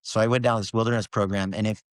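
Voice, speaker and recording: A man's voice: fairly low pitch, flat delivery, quick pace, clean tone, no room sound. A man as a podcast guest, telling a personal story in an earnest, emotional way with many restarts.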